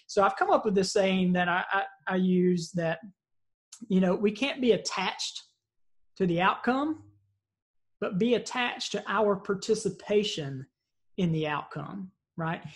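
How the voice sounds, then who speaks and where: A man's voice: high-pitched, a little slow. A man teaching a virtual leadership seminar in an earnest, storytelling way, often checking in with "right?". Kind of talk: motivational seminar talk.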